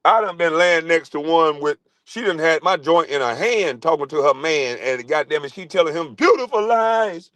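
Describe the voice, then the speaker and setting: A man hosting a casual live stream, brash and mocking as he roasts people and swings into loud, high put-on voices. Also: lively intonation, moderate pace, hardly any pauses, no echo. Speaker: livestream host.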